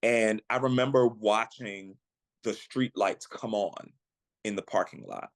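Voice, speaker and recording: A man on a podcast, earnestly telling a personal story of faith in a reflective way, slowing down at the emotional moments. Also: fairly low pitch, fairly even intonation, no room sound. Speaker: guest, actor and singer.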